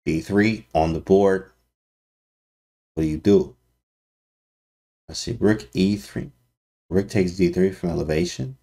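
Low-voiced man, animated chess streamer. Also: moderate pace, vocal fry. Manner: animated, slangy, talks to chat, sudden loud exclamations. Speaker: chess streamer analyzing his game. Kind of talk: casual livestream commentary.

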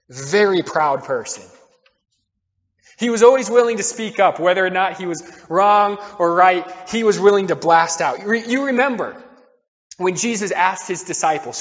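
A man with a high voice preaches a sermon in a church, earnest, rising to loud declarations and dropping to quiet asides. The sound is dull and muffled, with a long reverb from the hall around him. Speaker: pastor.

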